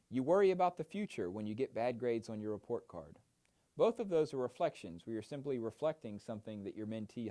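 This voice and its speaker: A man giving an instructional talk on mentoring techniques, explaining steps clearly with frequent "uh" fillers. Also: medium pitch, darkish tone. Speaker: mentor trainer. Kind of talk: instructional narration.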